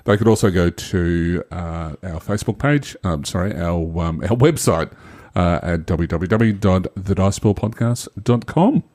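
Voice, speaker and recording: A man hosting a gaming podcast, talking in a chatty, upbeat way. His voice sits fairly low but swings up and down with lively intonation. The sound is dry and close. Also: a little slow, no room sound. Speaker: podcast host. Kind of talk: casual podcast chat.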